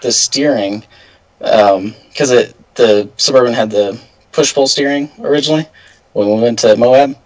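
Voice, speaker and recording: Male guest, relaxed and halting, casual chat. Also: medium pitch, low-quality recording.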